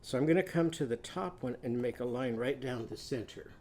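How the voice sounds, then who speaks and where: A man teaching young children a drawing and phonics lesson, giving slow, patient step-by-step instructions. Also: mid-range voice, a little mellow.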